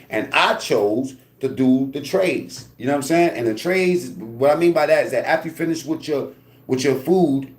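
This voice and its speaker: A man's voice: mid-range voice, echoey room. A man telling a story from prison in a casual, profane way, acting out the sounds with lots of "you know what I mean". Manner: animated, profane, acts out voices and sounds, many fillers.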